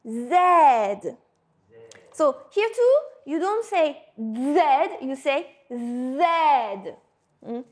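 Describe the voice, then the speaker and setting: A woman, a teacher patiently coaching pronunciation and often checking in with "hmm?". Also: sits high. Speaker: French teacher. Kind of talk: pronunciation lesson.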